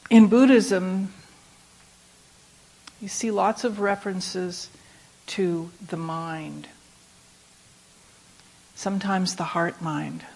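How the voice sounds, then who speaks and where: A woman reading aloud from a memoir in a calm, measured way, then reflecting on it as a meditation teacher. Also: fairly low pitch, vocal fry.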